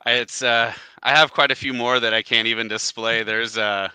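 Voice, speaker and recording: A man talking over a video call in a relaxed, chatty way, laughing easily as he goes. His voice is very bright and crisp, and the sound is dry and close. He sits a touch low in pitch. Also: normal speed, no room sound. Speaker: guest, scarf company representative. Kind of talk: casual video call chat.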